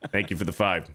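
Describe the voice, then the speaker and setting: A man's voice: deep voice, sharp tone. A man hosting a live stream, reading viewer donations aloud with jokes in a casual chatty way. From USA. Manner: reads donor messages aloud, joking. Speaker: show host reading super chats.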